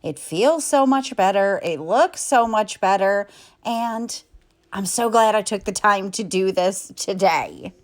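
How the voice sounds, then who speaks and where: A woman's voice: mid-range voice, lively intonation, slow pace. A woman chatting casually to the camera as a lifestyle vlogger, upbeat and talkative.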